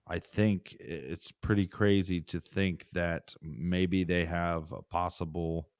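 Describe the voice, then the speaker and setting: A man's voice: low-pitched, fairly even intonation, takes it slowly, clean tone, dry recording, clean studio sound. A man co-hosting a true crime podcast, chatting casually and joking as he tells stories. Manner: joking, rambling storytelling. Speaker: podcast co-host. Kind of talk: casual chat.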